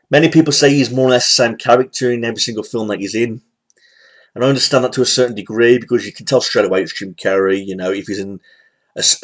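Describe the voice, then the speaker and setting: A man in his thirties giving a casual, rambling film review, full of fillers, repetition and the odd swear word. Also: fairly low pitch. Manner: rambling, repeats himself, frequent fillers, occasional swearing. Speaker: movie reviewer. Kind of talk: casual spoken film rant.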